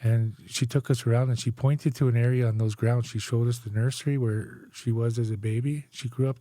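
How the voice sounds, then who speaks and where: A man's voice: medium pitch, steady tone, a little fast, warm tone, no room sound. A man in his forties from Canada, a guest telling his life story in a candid interview, tagging his sentences with "right?" and "eh?". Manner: conversational, frequent "right?" and "eh?" tags.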